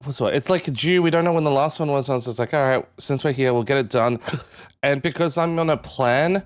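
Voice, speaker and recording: A man streaming live talks fairly quickly in a mid-range voice, greeting his chat members individually during casual conversation. He's animated, jumping up into excited yelps.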